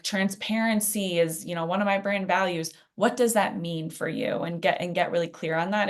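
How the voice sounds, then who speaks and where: A woman presenting a live workshop in a chatty, conversational way, full of fillers and asides. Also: lowish voice. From Phoenix. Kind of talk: casual teaching in a live workshop.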